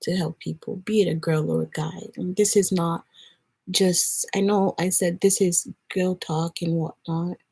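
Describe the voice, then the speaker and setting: A woman's voice: lowish voice, fairly even intonation, a little slow, gravelly, dark tone, husky. A young woman from Nigeria, chatting earnestly to the camera as she gets ready and tells a story. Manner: earnest, storytelling, lots of likes and restarts. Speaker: vlogger. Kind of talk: casual chat while getting ready.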